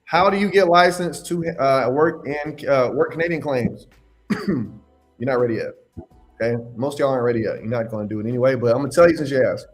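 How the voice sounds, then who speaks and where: A man's voice: medium pitch, fairly quick, soft background music. A man hosting a live question-and-answer stream, giving blunt, emphatic advice and scolding his viewers. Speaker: host answering live questions on insurance adjusting.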